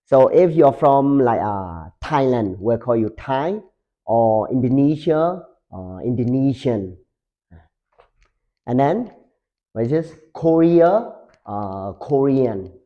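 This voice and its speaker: Guy teaching slow, lots of uh and like, dull lo-fi mic. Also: medium pitch, sing-song. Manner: slow and halting, many fillers, repeats words. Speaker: English teacher. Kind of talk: slow classroom explanation. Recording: dull lo-fi sound.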